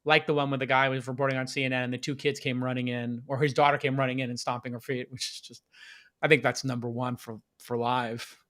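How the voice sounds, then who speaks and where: A man hosting a live-streamed podcast, talking excitedly and hyping up his audience. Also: mid-range voice, fast talker. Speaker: podcast host.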